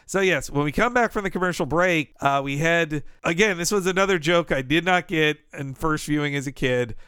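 A chatty podcast co-host who laughs easily and slips into acted-out quotes. His voice sits a touch high and rings clean, and it is recorded close and dry. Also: a little fast, a bit bright, smooth, no room sound. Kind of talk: casual chat.

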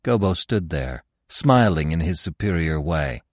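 A man narrating a classic novel in an expressive, dramatic storytelling manner. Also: a bass voice, a little slow, few pauses, dry recording, clean studio sound.

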